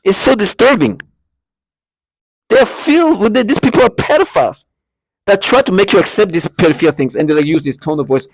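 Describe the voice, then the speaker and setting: A man's voice: high-pitched, lively intonation, a little fast, no room sound. A man talking emotionally to camera in an agitated monologue, stammering and repeating words as he goes. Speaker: vlogger.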